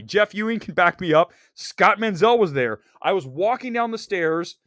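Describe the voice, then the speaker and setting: A man hosting a movie talk show, giving blunt, animated opinions with bursts of laughter. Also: high-pitched, moderate pace, hardly any pauses, dry recording, studio quality. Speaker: podcast host and film critic. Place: Los Angeles studio.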